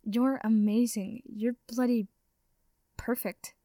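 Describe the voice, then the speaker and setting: A woman's voice: fairly high pitch, steady tone, takes it slowly, mellow, no echo, clean studio sound. A woman reading the lines of an earnest, affectionate young wizard man, sincere and pleading.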